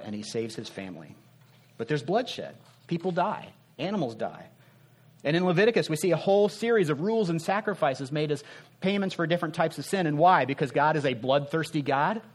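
A man preaching a sermon in a conversational way, asking rhetorical questions and dropping his voice softly to make a point. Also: medium pitch. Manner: earnest, drops soft for emphasis.

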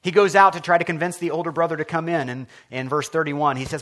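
A pastor delivers an earnest, expressive sermon, often turning to his listeners with questions. His voice is somewhat high for a man. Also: fast, hardly any pauses. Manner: earnest, expressive preaching, asks the audience questions.

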